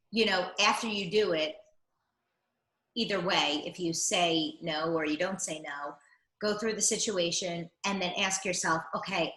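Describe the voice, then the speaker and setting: A woman's voice: lowish voice, fairly bright tone, echoey room, poor audio. A woman co-hosting a talk show, reflectively giving advice in casual chat. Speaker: co-host.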